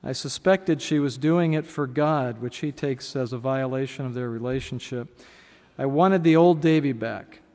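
A man's voice: medium pitch, moderate pace, dark tone. Man reading aloud in a reverberant hall. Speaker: speaker reading from a memoir and commenting. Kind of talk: reading aloud with spoken asides.

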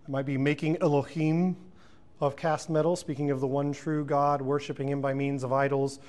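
A man's voice: medium pitch, flat delivery, normal speed, darkish tone. A man teaching through a Bible passage verse by verse, reading scripture aloud and then explaining it, with fillers and self-corrections.

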